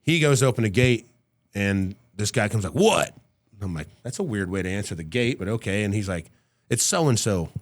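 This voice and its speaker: A middle-aged man with a lowish voice talks a little fast as a podcast guest. He tells a story casually and vividly, swearing freely and acting out the people he quotes.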